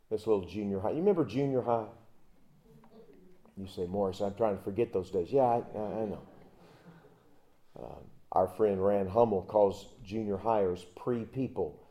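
A male pastor preaching a sermon, telling folksy stories and swinging between loud emphasis and hushed asides. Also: on the low side, fairly even intonation, a little slow, pauses often. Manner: folksy storytelling with restarts.

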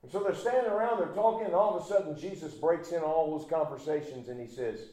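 A man's voice: a little high, expressive, a little fast, few pauses. Dramatic storytelling male preacher, echoey. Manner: storytelling, acts out voices, swings from loud to hushed. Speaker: pastor. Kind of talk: sermon.

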